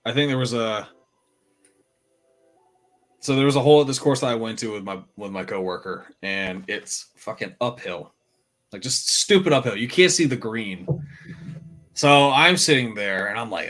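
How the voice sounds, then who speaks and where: A man telling animated stories in a relaxed group chat, swearing freely and laughing as he goes. His voice is bright and forward, and faint music plays behind him. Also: medium pitch, normal speed. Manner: animated storyteller, profane, laughing. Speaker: show regular. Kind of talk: casual chat.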